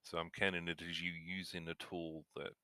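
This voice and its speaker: A man running a tabletop game as game master, narrating scenes in a slow, measured way. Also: low voice, flat delivery, sharp tone, no echo, studio quality.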